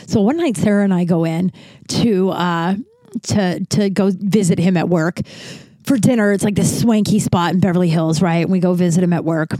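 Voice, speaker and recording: A woman's voice: moderate pace, dry recording. Woman in her 30s rambling thru a story, lots of likes and swearing, dry close mic. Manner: animated, jumps high for quoted voices. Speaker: podcast host. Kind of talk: casual storytelling.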